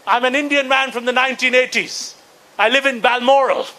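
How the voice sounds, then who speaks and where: A man's voice: very high voice, fairly even intonation, fairly quick, pushed and bright, poor audio. A man playing a prim older Indian man who is fussy about proper English and keeps repeating 'beta'.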